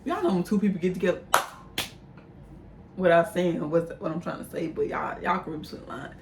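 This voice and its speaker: A woman's voice: lowish voice, fairly quick, creaky, distant mic. A young woman casually telling a personal story to her viewers, chatty and talking straight to the audience. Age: young adult. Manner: chatty, addresses viewers as y'all. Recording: roomy echo, voice a bit off-mic, faint background hum.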